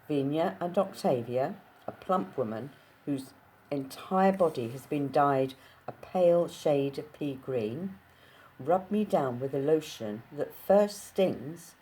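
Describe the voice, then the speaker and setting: A woman reading a novel aloud in an unhurried way, with casual asides to her listeners. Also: low voice, lively intonation, dark tone. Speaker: audiobook reader.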